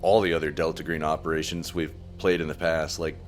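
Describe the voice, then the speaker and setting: A man's voice: extremely low pitch, level tone, a little fast, soft background music. A man chatting casually as a tabletop game player, rambling and laughing as he talks.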